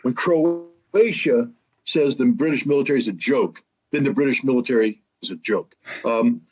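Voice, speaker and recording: A man giving emphatic, animated political commentary as an interview guest, often repeating words as he thinks. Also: medium pitch, normal speed, lo-fi sound, slight background noise. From United States.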